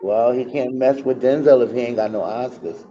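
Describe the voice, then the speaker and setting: Male co-host, relaxed chat, mellow tone, lo-fi line. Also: mid-range voice, moderate pace, slight background noise. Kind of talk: casual chat.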